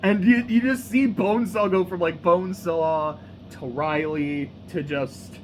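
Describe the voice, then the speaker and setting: A young man chatting casually about a book, retelling scenes in a loose, animated way with plenty of swearing and fillers. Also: high voice, a little slow, slight background noise. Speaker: book reviewer. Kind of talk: casual chat.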